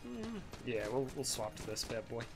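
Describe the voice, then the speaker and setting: A young man hosting a let's play, rambling through casual gameplay commentary, swearing freely with excitable bursts. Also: mid-range voice, moderate pace, vocal fry, very noisy.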